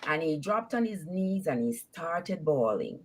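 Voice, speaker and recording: A woman calls in to tell her own story with lots of animation, laughing as she goes. Her pitch rises and falls widely as she acts out what people said. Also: sing-song, measured pace. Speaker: caller. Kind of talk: call-in storytelling.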